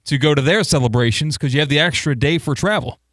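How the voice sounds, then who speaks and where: A man's voice: a little high, quick pace, a bit bright, no echo. A man co-hosting a sports radio show, chatting casually with dry humor. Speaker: radio co-host. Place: radio studio. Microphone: studio mic.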